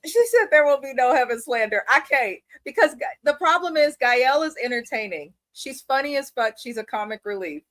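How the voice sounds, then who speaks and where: A woman runs a casual reality-show recap, blunt and full of playful exaggeration. Her voice sits a little high. The sound is dry and close, with no room around it. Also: expressive, normal speed, few pauses, fairly bright tone, dry recording. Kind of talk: casual chat.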